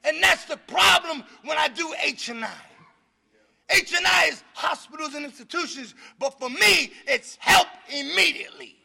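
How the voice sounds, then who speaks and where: A man's voice: extremely high pitch, moderate pace, creaky, bright, forceful tone, shouting. A middle-aged man giving a fiery preaching-style talk at a recovery meeting, exhorting the room and breaking into laughter.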